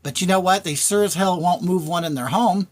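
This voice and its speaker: A woman's voice: lowish voice, brisk. A woman talking bluntly to her live-stream chat, thanking viewers by name and repeating her points in a ranting way. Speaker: livestreamer reading chat. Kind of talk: casual live-stream rant.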